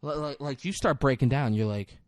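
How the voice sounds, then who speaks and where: A man's voice: medium pitch, fairly quick, dry recording, clean studio sound. A man co-hosting a casual movie review podcast, telling scenes with lots of swearing and acting out the characters. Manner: animated storytelling, swears a lot, acts out scenes. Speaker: podcast co-host.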